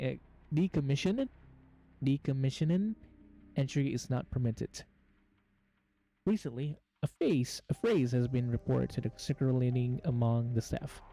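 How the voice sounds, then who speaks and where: A man's voice: mid-range voice, mellow, poor audio. A man hosting gameplay commentary, reading on-screen game text aloud and stumbling over words as he goes. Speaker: gaming channel host.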